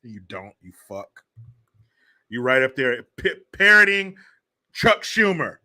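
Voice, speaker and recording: Bright, animated ranting man. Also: medium pitch, slow, long pauses. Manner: profane, mocking rant. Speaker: host. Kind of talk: livestream political commentary.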